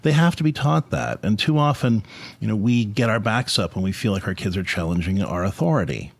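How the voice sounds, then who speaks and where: A man's voice: fairly low pitch, lively intonation, brisk, gravelly, no echo. A middle-aged man hosting a podcast, giving an earnest, conversational reflection on faith and parenting. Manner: earnest, conversational, repeats words when restarting. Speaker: podcast host, Catholic family counselor.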